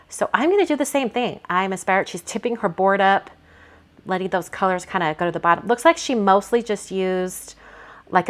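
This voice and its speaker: A woman hosting a card-making video, talking casually through her painting steps and thinking aloud with frequent fillers. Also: mid-range voice. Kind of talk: casual craft tutorial narration.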